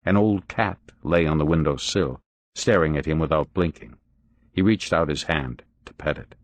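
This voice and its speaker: A man narrating an audiobook in a steady, expressive reading. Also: rumbling low, normal speed, dry recording. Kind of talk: audiobook narration of a crime novel.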